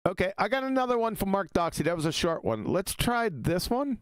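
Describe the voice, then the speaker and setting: A man co-hosting a casual live stream, mocking and laughing often, with quick asides. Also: sits high, big pitch swings, clear, resonant tone, no room sound. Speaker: co-host.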